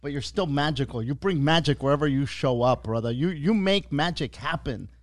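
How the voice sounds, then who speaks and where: A man's voice: a little high, fairly quick, dry recording, clean studio sound. A man hosting a podcast, talking loosely and profanely in rambling casual chat with plenty of fillers. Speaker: podcast host.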